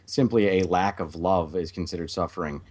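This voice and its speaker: A man with a very deep voice co-hosts a casual debate. He argues carefully and hesitantly, pausing to pick his words. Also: a little mellow. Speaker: co-host.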